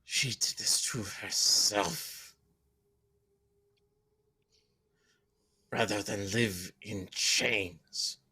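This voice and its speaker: A man's voice: on the low side, takes it slowly, sharp tone, a little hiss or hum, full character voice. A man voicing a fierce, protective female fox kitsune in a tabletop game, with a snarling delivery. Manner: snarling, then frantic pleading.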